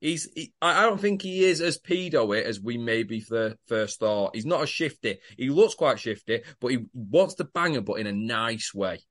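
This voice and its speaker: A man's voice: medium pitch, normal speed, hardly any pauses. A man co-hosting a podcast, telling stories in casual banter and swearing freely. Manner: animated, swearing, laughing storyteller. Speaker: podcast co-host.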